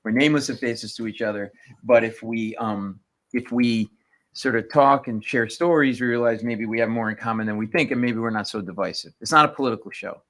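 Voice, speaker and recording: Guy comedian telling stories on a radio show, gets loud and high doing the people he met. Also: fairly quick. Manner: animated storyteller, acts out quoted people in rising pitch. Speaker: comedian guest.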